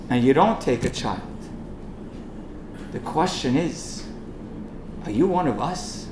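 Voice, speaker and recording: A rabbi telling a story and then pleading passionately with the room at a fundraising event. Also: male voice, medium pitch, lively intonation, slow pace, pauses often. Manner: impassioned, rising to urgent pleading. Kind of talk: storytelling speech and charity appeal. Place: event hall. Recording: echoey hall with faint noise.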